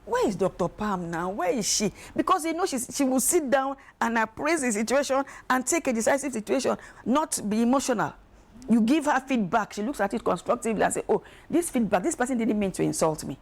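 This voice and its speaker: A woman, speaking as an expert guest on a talk show, emphatic and animated, acting out quoted voices. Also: a little high, brisk. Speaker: guest expert on emotional wellbeing. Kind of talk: studio talk show discussion.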